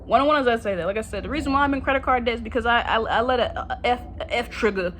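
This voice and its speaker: A woman's voice: a little high, rapid-fire, fairly bright tone, a little hiss or hum. A young woman, ranting bluntly and profanely in a casual monologue, calling her viewers out. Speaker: vlogger.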